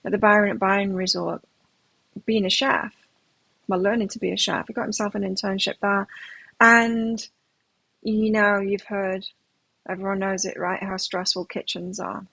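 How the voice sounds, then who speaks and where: A middle-aged woman chats her way through a live tarot reading. Her voice is a little husky, recorded dry and close. She rambles and circles back, restarting her sentences as she goes. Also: mid-range voice, fairly bright tone, no room sound, poor audio. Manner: chatty, rambling, with frequent restarts. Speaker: tarot reader.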